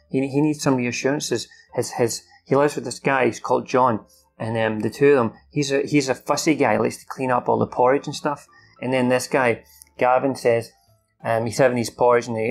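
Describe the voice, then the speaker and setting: A man's voice: medium pitch, creaky. A man recalling a film from memory in a loose, rambling way, with many fillers, restarts and some swearing. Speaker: film recap host. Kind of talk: casual off-the-cuff recap.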